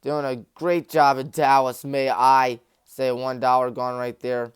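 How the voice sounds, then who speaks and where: Joking young sports host. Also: male voice, medium pitch, level tone, a little slow, clear, resonant tone, no echo, clean studio sound. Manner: jokey, rambling, self-mocking. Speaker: sports talk show host. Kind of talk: rapid-fire game picks with joking asides. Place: small community TV studio.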